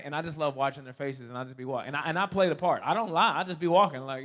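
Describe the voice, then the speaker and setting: A young male preacher with a high-pitched voice delivers a sermon from a church stage. He tells stories in a playful, animated way, and his excitement keeps building. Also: racing. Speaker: guest preacher. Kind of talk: sermon with storytelling.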